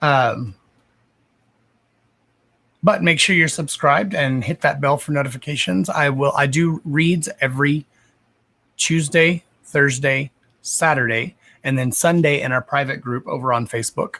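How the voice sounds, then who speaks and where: A man's voice: medium pitch, measured pace, creaky, bright, forceful tone. A young man hosting a psychic reading livestream, chatting casually with viewers by name, swearing freely and laughing often.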